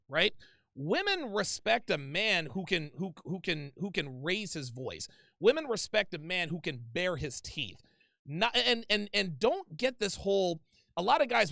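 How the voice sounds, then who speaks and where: Blunt, profane host with a high gravelly voice. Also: male voice, big pitch swings, a little slow, pushed and bright, no echo, studio quality. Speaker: host taking calls. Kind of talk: call-in advice show.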